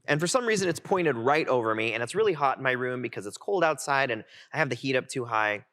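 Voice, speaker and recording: A man in his twenties giving a heartfelt keynote, telling his own story in an animated way. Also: mid-range voice, quick pace. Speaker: keynote speaker. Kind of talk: personal storytelling talk. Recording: music playing underneath.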